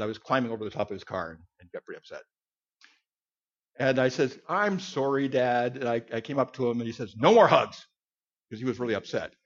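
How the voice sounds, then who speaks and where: A man's voice: mid-range voice, breathy edge. A man teaching a Bible passage to a group in a conversational, folksy sermon style with asides. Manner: conversational, folksy, with asides and sudden loud outbursts. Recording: dull lo-fi recording.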